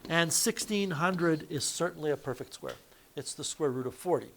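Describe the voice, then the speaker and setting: A man's voice: fairly high pitch, normal speed, creaky, a bit bright, a little hiss or hum. A male math teacher lecturing a classroom, explaining each step and correcting himself aloud as he goes.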